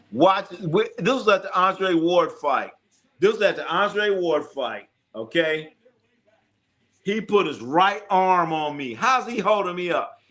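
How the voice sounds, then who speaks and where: A man hosting a casual live sports stream, telling animated stories in a slangy way and swearing freely. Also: high-pitched. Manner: animated storytelling, acts out his own lines.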